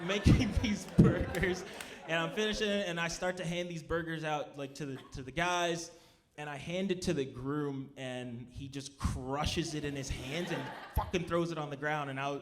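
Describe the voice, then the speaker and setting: A man telling a comic personal story live on stage, animated and jumping into loud high voices when he acts out his friends. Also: moderate pace, crowd noise. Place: small cultural center stage before an audience.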